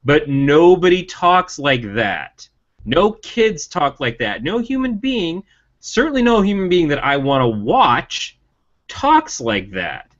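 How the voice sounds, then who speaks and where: A man co-hosting a casual podcast about TV, voicing strong opinions with emphatic rising pitch. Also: big pitch swings, takes it slowly, a bit bright. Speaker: podcast co-host. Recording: dull lo-fi sound.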